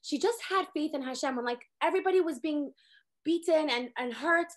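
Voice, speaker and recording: High-pitched woman teacher; chatty, animated storytelling over a video call. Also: a little fast. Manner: animated storytelling, acts out characters' lines, many "like" fillers. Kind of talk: casual online Torah class.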